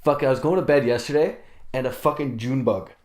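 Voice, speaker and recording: A man's voice: mid-range voice, a little fast. A young man co-hosting a casual podcast, telling stories with lots of swearing and laughter and acting out what people said. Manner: swearing, laughing, acts out quotes loudly. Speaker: podcast co-host. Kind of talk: casual chat, storytelling. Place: sauna.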